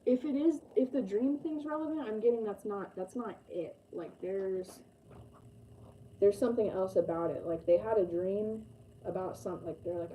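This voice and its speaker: A woman's voice: medium pitch, normal speed, warm tone, a little hiss or hum, low-quality recording. A woman giving a casual, rambling tarot reading, full of fillers and the odd swear. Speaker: tarot reader.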